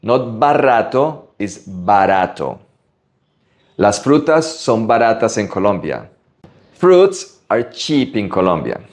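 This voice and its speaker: A man from Latin America teaching Spanish vocabulary, slowly drilling pronunciation word by word. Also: fairly low pitch, big pitch swings, a little mellow. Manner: slow, careful pronunciation drills. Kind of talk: vocabulary lesson.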